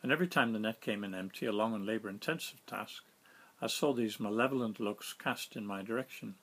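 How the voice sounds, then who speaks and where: A man reading his own story aloud in a wry, self-mocking, lively way. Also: lowish voice, a little fast, slightly rough. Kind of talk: storytelling narration.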